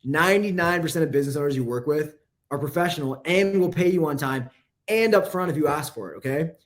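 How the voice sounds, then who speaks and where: Fast-talking casual copywriting coach man. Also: fairly high pitch. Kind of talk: casual live lesson.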